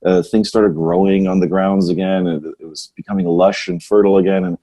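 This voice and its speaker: A man's voice: low voice, steady tone, fairly quick, mellow. A man hosting a podcast, chatting casually and musing in a rambling way, often tagging his points with "right?". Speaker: podcast host. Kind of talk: casual conversational chat.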